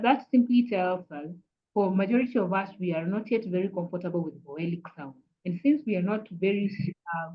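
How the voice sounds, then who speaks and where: A woman with a Kenyan accent leads an online revision lesson over a video call. Her voice sits at a middle pitch, and she is patient and repetitive, with steady "uh" fillers. The sound is dull and lo-fi. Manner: patient, repeats "kindly", frequent "uh" fillers. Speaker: English teacher.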